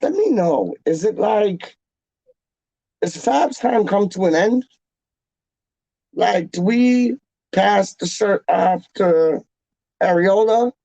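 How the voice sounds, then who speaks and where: A man's voice: high voice, lively intonation, slow pace, vocal fry, long pauses, warm tone, no echo, rough recording. A young man hosting a fan channel, chatting casually to viewers in a rambling, slangy way that repeats itself.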